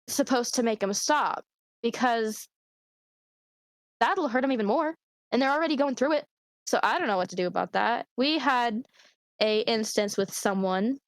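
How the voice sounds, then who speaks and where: A woman's voice: a little high, no echo. Young woman confiding, candid and rambling. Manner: open, rambling, emotional confiding with frequent swearing. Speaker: podcast co-host. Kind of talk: casual chat.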